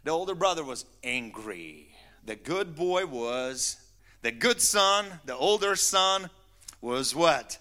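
A man's voice: fairly high pitch, animated, slow, bright, forceful tone. A man preaching a sermon as pastor, telling the story with teasing asides and rhetorical questions to his congregation.

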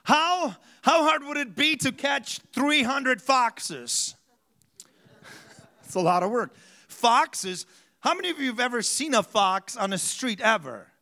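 Man, pastor, sermon, chatty, asks the congregation questions, high bright voice. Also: expressive, slow pace.

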